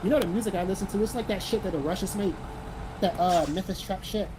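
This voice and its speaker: A blunt, profane man from South Carolina hosts a casual livestream, reading viewer comments aloud and answering them. He talks in a plain, everyday way. Steady background noise sits under his voice, with vehicles passing now and then. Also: high-pitched, quick pace. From South Carolina, American South. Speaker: livestream host reading chat.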